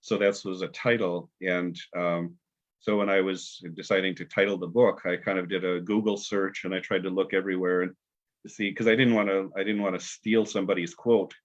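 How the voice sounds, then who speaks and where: A poet guest telling stories in a rambling, halting way with many fillers, heard on a video call. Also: male voice, low-pitched, little pitch movement. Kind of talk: casual storytelling and poetry reading. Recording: dull lo-fi video call audio.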